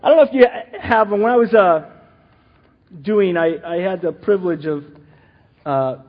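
A middle-aged man gives an animated, rambling church talk, restarting his sentences and wandering into asides. His voice sits high and sounds husky. The recording is dull and muffled. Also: moderate pace. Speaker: lay teacher.

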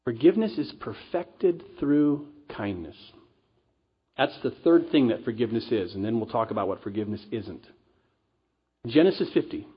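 A middle-aged male pastor delivering a sermon in a church, with a husky, slightly breathy voice. He preaches earnestly but conversationally, slipping into casual asides. The recording sounds dull and lo-fi. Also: mid-range voice, lively intonation, normal speed.

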